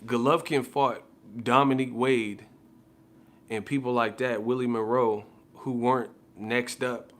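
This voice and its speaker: A man's voice: medium pitch, fairly even intonation, a little slow. A man ranting casually as a boxing commentator, heated and profane, repeating himself. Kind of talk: casual rant.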